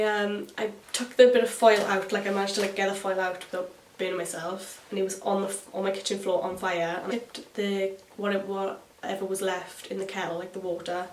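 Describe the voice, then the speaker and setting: A woman's voice: mid-range voice, recorded from a distance, slight background noise. A young woman, a beauty vlogger telling a story while doing her makeup, chatty and swearing freely. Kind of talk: chatty get-ready-with-me vlog. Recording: echoey room, voice a bit off-mic.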